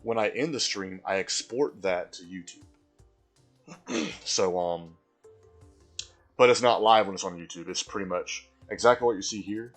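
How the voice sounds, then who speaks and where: A man's voice: low-pitched, moderate pace, pauses often, soft background music. A man live-streaming a video game, chatting casually and answering viewers from chat.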